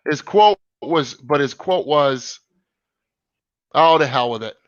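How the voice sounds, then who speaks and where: A man's voice: on the high side, lively intonation, takes it slowly, dry recording, lo-fi sound. Rambling man hosting a live stream. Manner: rambling, many fillers and restarts. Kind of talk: casual chat reading comments.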